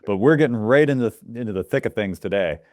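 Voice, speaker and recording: A man's voice: fairly low pitch, animated, fast talker, a little mellow, no room sound, clean studio sound. A man co-hosting a casual podcast, ranting with mock outrage. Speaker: podcast co-host. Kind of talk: casual chat.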